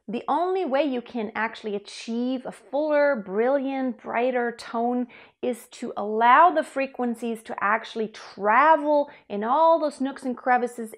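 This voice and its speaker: A young woman coaching singers with a slightly high voice. She explains vocal technique in an easy, chatty way and breaks into short sung demonstration notes. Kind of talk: singing lesson.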